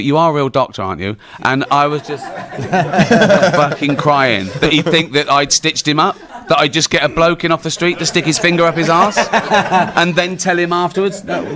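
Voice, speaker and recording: A man's voice: medium pitch, fairly bright tone. A middle-aged English man, a comedian on stage, telling stories with swearing and frequent laughter. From England. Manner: swearing storyteller, laughs often, mimics people. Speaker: comedian guest. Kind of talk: live stage conversation.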